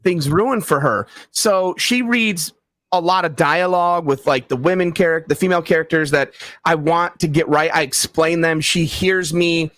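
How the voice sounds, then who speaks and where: A man chatting casually as an interview guest, telling anecdotes with lively acted-out quotes. His voice sits a little high for a man. The sound is dry and close. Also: normal speed, no echo. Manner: animated storyteller, acts out quoted voices. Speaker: author and book site founder, guest.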